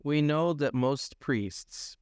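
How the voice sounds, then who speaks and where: A man's voice: on the high side, slow pace, darkish tone, clean tone, no echo, clean studio sound. A man co-hosting a podcast in casual chat, wry and teasing, laughing along. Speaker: podcast co-host.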